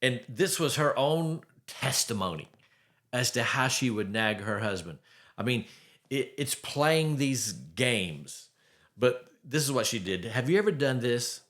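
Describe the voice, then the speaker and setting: Slow, emphatic male podcast host. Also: medium pitch, lively intonation, a bit bright. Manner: emphatic, conversational, with wry chuckles. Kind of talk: faith-based marriage advice monologue.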